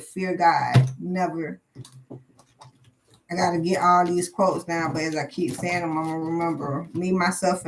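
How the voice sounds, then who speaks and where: A woman's voice: on the low side, rough recording. Blunt, profane woman tarot reader. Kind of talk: live tarot reading.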